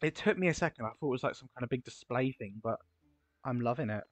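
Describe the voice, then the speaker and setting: A man giving casual, excitable gameplay commentary, gushing over builds with gasps and exclamations. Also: mid-range voice, fast, dry recording. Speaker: game video creator touring player builds. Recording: slightly dull, lo-fi recording.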